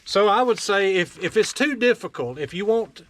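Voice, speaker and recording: A man's voice: high-pitched, animated, moderate pace, a bit bright, no echo. A man, blunt and scolding as he rants to his audience with folksy, mocking asides. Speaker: firearms vlogger. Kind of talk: opinionated rant to camera.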